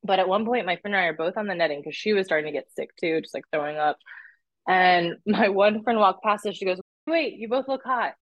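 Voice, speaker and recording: Chatty young woman, lowish voice. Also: fast, no room sound, lo-fi sound. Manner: chatty storyteller, says "like" a lot, acts out quotes. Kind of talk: casual chat.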